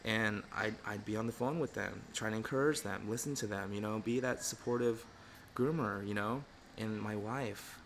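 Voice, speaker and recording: A man's voice: on the low side, moderate pace, a bit bright. Candid reflective man, faint background hum. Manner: candid and reflective, many fillers like "you know". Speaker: pet groomer and channel host. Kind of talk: casual livestream talk.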